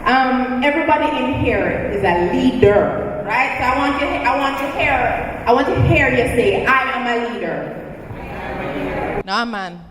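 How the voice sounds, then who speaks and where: Energetic Jamaican woman rallying a hall. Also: fairly high pitch. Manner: energetic, calls for crowd response, teasing. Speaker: event host. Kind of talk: motivational address to students. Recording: reverberant hall, faint ambient noise.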